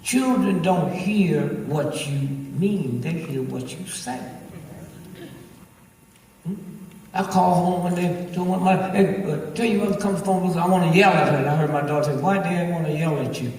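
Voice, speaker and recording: A man's voice: high-pitched, unhurried, warm tone. An older man telling a stand-up story to a live audience, profane and preachy, checking in with "Huh?". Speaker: stand-up comedian. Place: large auditorium. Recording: echoey hall recorded from far off.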